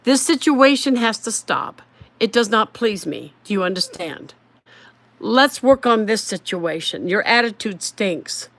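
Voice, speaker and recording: A woman's voice: mid-range voice, lively intonation, measured pace, a bit bright, no echo. A woman quoting God as a firm, loving male father, in a plain, direct and corrective voice close to her own. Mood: correcting.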